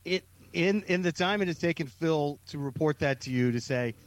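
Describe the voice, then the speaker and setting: A man co-hosting a comedy podcast in an animated, exasperated way. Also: a little high, normal speed, no echo. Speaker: podcast co-host. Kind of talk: casual comedy chat.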